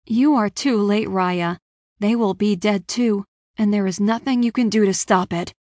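A menacing, shadowy young woman stranger speaks firmly and without pity, as a woman reader puts her on. Her voice stays steady and commanding, mid-pitched, recorded dry with no room sound. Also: a little slow, no echo, lightly acted. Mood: cold. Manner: unsympathetic, commanding, forceful. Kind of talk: audiobook character voice.

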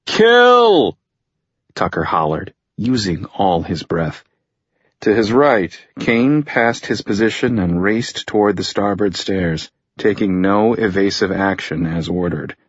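A low, husky male voice reads an action story with slow, deliberate weight, each line measured and dramatic. The recording is dry and close, with a somewhat dull, lo-fi sound. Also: no echo. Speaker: audiobook narrator. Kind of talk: scripted narration.

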